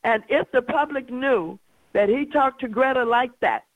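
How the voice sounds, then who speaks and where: Eager high-voiced woman in her eighties. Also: moderate pace, narrow, tinny audio. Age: 80s. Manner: eager, credulous, emphatic. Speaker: congresswoman.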